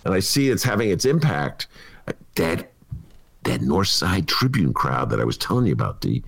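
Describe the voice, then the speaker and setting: A man, co-hosting a casual political talk show, animated and quick to laugh. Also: sits low, vocal fry, breathy edge. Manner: animated, laughing, mimics people mid-story. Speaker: co-host, columnist.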